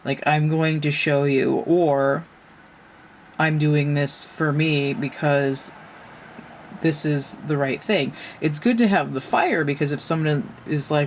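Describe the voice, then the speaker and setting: A woman's voice: low-pitched, fairly even intonation, takes it slowly, a little hiss or hum. A woman giving a casual tarot reading, frank and a little profane, asking her listeners question after question. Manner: frank and swearing, full of rhetorical questions. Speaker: tarot reader.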